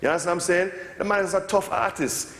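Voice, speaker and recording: A man's voice: sits high, fast. A middle-aged man with a Jamaican accent, speaking casually as a record producer at a lecture. He tells stories with energy, swears, and drops into playful patois voices. His voice carries a roomy, long-tailed reverb from a large hall. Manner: animated storyteller, swears, slips into patois impressions.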